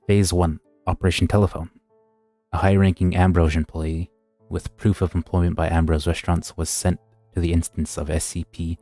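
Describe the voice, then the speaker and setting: A man with a very low, mellow voice sight-reads a story on stream. He reads plainly and trips over words now and then. The sound is dry with faint music underneath. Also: dry recording. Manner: plain reading with stumbles. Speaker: streamer reading aloud. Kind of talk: sight-reading a horror wiki story.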